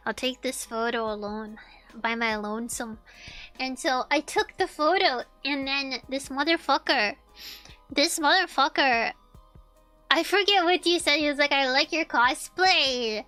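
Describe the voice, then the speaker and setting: Young woman, streamer, casual story chat, repeats herself, swears a lot, high pitch, faint background music. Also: measured pace. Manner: animated, swearing, repeats lines, laughs often.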